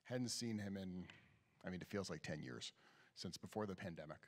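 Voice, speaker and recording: A man's voice: deep voice, moderate pace. A man, a rabbi, telling a story in a sermon and acting out the voices of the people in it. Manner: storytelling, animated, acts out quoted voices. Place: synagogue sanctuary. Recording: long hall reverb.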